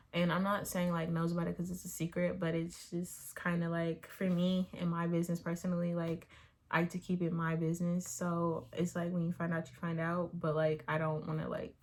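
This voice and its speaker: A young woman chatting casually on her vlog, answering viewer questions in a rambling way with lots of filler words. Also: lowish voice. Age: young adult. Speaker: YouTuber answering Q&A. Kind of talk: casual chat.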